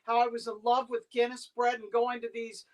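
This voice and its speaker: A woman from the United States hosting a casual video-call chat, bubbly and quick to laugh. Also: fairly high pitch, monotone, a crowd in the background. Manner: bubbly, laughs easily, chatty. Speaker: host.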